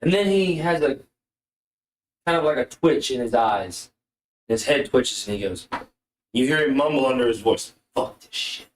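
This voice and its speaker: A man running a tabletop game as dungeon master, theatrical and prone to restarting lines, at a middle pitch. His voice has a roomy echo. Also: expressive, normal speed, pauses often.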